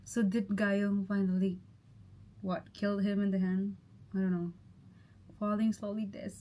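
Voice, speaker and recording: A woman YouTuber chatting excitedly to her viewers as she reacts to a music video. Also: medium pitch, unhurried, pauses often. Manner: gushing, exclamatory, talks straight to viewers. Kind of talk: excited reaction vlog chat.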